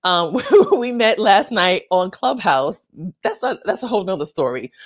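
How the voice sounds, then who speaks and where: A woman hosting a show, talking casually and comedically with animated, excitable jumps in her voice. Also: mid-range voice. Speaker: host.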